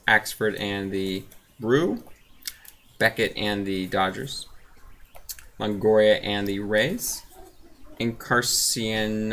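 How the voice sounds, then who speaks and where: Slow, low-voiced man reading off cards. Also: a bit bright. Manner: laid-back, reads off player names and teams with asides. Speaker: card collector opening packs. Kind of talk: casual running commentary.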